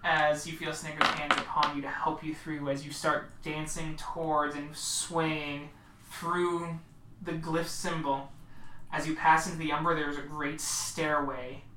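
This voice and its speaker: A woman narrating a tabletop horror game as storyteller in a slow, descriptive way. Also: low voice, flat delivery. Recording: roomy, distant mic, faint noise.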